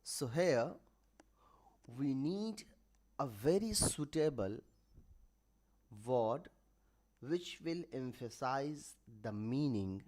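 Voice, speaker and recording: A man walks through a grammar lesson at an unhurried, deliberate pace. His pitch sits in an ordinary middle range. He halts often, restarting words and correcting himself as he explains and writes out examples. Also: lively intonation, a little mellow. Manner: halting, with restarts and self-corrections. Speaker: online grammar teacher.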